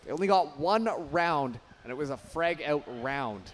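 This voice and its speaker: A man casting a live esports match with energetic play-by-play that rises to shouts on big plays. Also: fairly high pitch, moderate pace. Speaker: esports caster.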